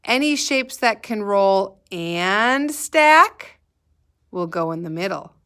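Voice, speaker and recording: Woman, kindergarten teacher, unhurried delivery, patient prompting, recorded lesson. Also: medium pitch, expressive, fairly bright tone, smooth. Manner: slow, patient, sing-song prompting for children to repeat.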